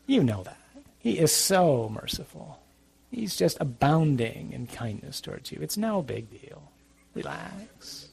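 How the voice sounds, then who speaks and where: A man voicing a sly little male devil whispering on someone's shoulder in a soft, coaxing, hushed way, within a religious talk. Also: on the high side, big pitch swings, unhurried, gravelly, slightly rough, heavily acted.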